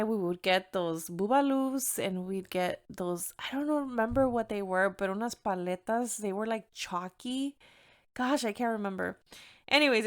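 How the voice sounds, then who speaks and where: A woman's voice: on the high side, clean tone. A young woman with a Mexican-American accent hosting her own podcast, chatting candidly, laughing often and slipping Spanish phrases into her English. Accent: Mexican-American English with Spanish code-switching. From United States, Mexican-American. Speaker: podcast host. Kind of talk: casual solo podcast chat.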